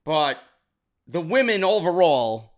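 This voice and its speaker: A man's voice: fairly high pitch, big pitch swings, slow. A man reviewing a wrestling show in a blunt, profane, exasperated rant, often stumbling over repeated words. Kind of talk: ranting solo show review.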